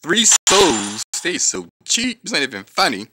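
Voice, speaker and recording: A man giving profane, trash-talking commentary over his own gameplay, reacting loudly to each fight. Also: a little high, big pitch swings, unhurried, noisy background. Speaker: gaming channel host. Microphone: off-camera voice-only mic.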